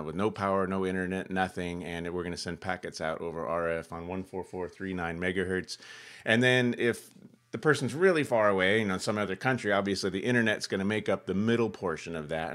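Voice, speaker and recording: A man's voice: fairly low pitch, a bit bright. A man hosting a ham radio channel, explaining a radio demo in a rambling, chuckling way with lots of fillers. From California. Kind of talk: casual demo vlog.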